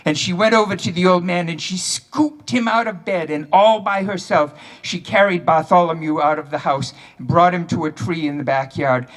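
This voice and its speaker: A man with a high voice and a New England accent tells a town's history story to a crowd. His delivery is lively, with dry humor slipped in between the facts. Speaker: local history speaker. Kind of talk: storytelling speech at a town ceremony.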